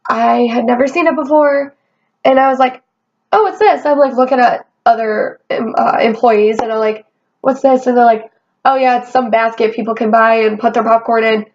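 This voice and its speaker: A young woman telling a casual storytime rant, animated and swearing, quoting herself as she goes. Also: on the high side, moderate pace. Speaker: vlogger. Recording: dull lo-fi sound.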